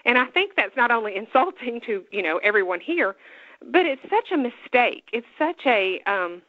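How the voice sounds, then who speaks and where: A woman from Alabama with a Southern accent, co-hosting a casual chat, talkative and quick to laugh. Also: on the high side, big pitch swings, no echo, phone-quality sound. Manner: chatty, laughs often, opinionated. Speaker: co-host.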